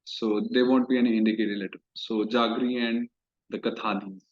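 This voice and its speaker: A man's voice: lowish voice, flat delivery, fairly quick. A man teaching Sanskrit grammar in a recorded class, explaining step by step and repeating key terms. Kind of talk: recorded online class lecture. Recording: dull lo-fi recording.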